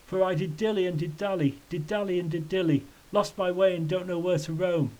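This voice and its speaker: A man's voice: fairly high pitch, measured pace, a little mellow, low-quality recording. Man doing a wailing, rhyming lost tramp. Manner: sing-song rhyming wail. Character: wretched lost male tramp, childlike, rhyming.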